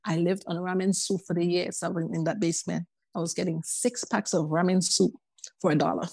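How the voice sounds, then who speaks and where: Guest: woman, low gravelly voice, lively storyteller who mimics others, dry close sound. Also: fairly quick, no echo. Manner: animated, acts out quoted voices. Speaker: podcast guest. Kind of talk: casual personal storytelling.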